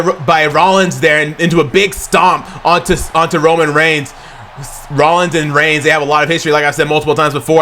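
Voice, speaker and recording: A man giving excited amateur play-by-play commentary over a video game, stumbling and correcting himself, then bursting into shouts at big moves. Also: fairly high pitch, a little hiss or hum. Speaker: play-by-play commentator for his own game session.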